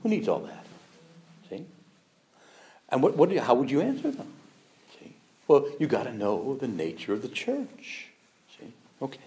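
A man giving a Catholic parish talk, animated and humorous, firing rhetorical questions at the audience and acting out the objections people raise. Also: medium pitch, moderate pace, pauses often. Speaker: Catholic speaker.

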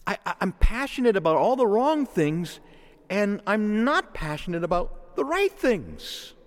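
A man preaching a homily in a church, moving between fervent outbursts and quiet, prayerful asides. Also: high voice, sing-song, unhurried. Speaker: priest. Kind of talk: sermon. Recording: long reverb of a church hall.

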